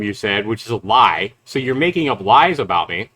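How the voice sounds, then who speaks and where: A man's voice: on the low side, sing-song, moderate pace, bright, forceful tone, slightly rough. A man who reviews and makes games, talking back at a rival's clips in a sarcastic, mocking way. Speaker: YouTube game reviewer and developer. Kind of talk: reaction commentary.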